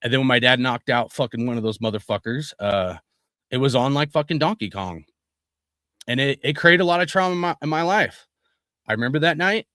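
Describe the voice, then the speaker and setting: A man's voice: medium pitch, lively intonation, brisk, pushed and bright, no room sound, studio quality. Profane, rambling young man telling a story. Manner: profane, rambling, says "dude" and "like" a lot. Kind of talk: casual storytelling.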